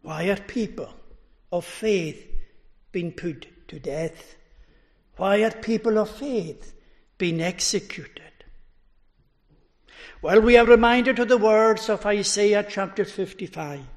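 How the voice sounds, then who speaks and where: A man preaching a sermon in a measured way, letting his voice fall at the end of phrases. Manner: slow, measured delivery, dropping low at phrase ends.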